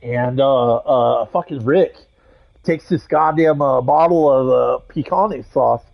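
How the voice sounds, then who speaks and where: A man's voice: mid-range voice, takes it slowly, vocal fry, lo-fi sound. A man who games on stream, telling an army story in a profane, rambling way, full of fillers and restarts. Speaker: gaming streamer and army veteran. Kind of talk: casual anecdote told while gaming.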